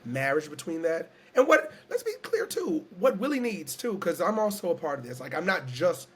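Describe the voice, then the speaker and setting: A man's voice: fairly high pitch, big pitch swings, normal speed, a bit bright, breathy edge. A man from Houston, Texas, speaking earnestly and reflectively as an interview guest, close to tears, often repeating himself. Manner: earnest, searching, repeats phrases, emotional. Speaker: guest storyteller and entertainer.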